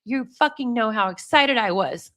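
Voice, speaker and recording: A woman's voice: fairly high pitch, lively intonation, normal speed, a bit bright. A woman reading as an upset teenage girlfriend. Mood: indignant. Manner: read aloud with little acting.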